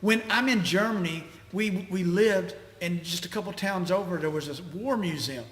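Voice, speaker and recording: A man with a high, sharp voice tells his stories with emphatic punch and the odd curse. His casual chat rings out in a room with a long, echoing reverb. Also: normal speed. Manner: emphatic storytelling, swearing. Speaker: podcast co-host, veteran.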